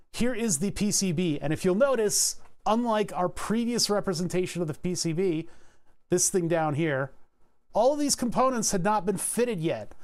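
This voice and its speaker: A man's voice: high-pitched, a little mellow. A man with a Philadelphia accent chatting casually and jokingly on a livestream while he designs circuit boards, rambling and swearing freely. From Philadelphia, USA. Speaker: streamer.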